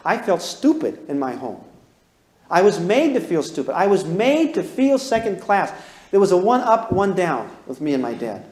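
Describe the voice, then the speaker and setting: A man's voice: high-pitched, a little mellow. A man teaching a parenting class to a live audience, emphatic and drawing on his own life, with frequent rhetorical questions to the room. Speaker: parenting course lecturer. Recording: echoey room.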